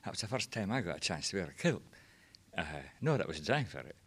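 Older scottish man, low voice, lively rising and falling pitch, hesitant, restarting phrases, reflective panel talk. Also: fast talker. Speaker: panel guest, former teacher. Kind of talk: reflective conversational storytelling.

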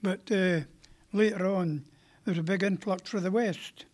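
A man's voice: high voice, fairly even intonation, moderate pace, a little mellow. An older man with a Scottish accent, a panel guest chatting modestly and rambling a little.

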